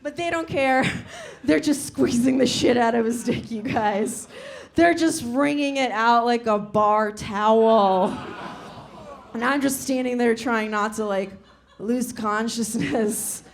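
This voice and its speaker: Young female stand-up comic, high voice, slow delivery, animated and shouty. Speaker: stand-up comedian. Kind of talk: stand-up storytelling.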